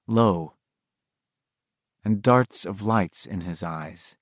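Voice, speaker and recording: A man narrating a novel in a measured, expressive reading. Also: deep voice, no echo, studio quality. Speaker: audiobook narrator.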